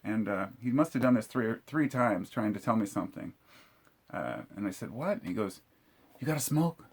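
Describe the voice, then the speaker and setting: A middle-aged man telling a story in a blunt, profane, casual way, with bursts of shouting when he quotes himself. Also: on the low side, brisk, breathy edge. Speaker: vlogger telling a true story.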